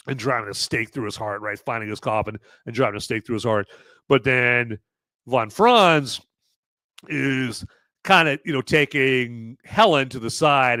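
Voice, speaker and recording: A man hosting a podcast, giving a casual, rambling movie review with animated asides. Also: medium pitch, dry recording, clean studio sound. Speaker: podcast host.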